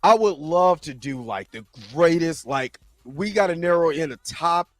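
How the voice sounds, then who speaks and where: Excitable man hosting a live chat. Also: on the high side, a little slow, no echo. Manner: excitable, laughs often, shouts when thrilled. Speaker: show host. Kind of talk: casual live-stream chat.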